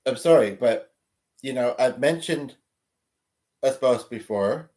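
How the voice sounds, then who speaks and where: A man's voice: mid-range voice, slow, pauses often, warm tone. Man, livestream host, casual chat with viewers, rambling, digressive, thinking aloud.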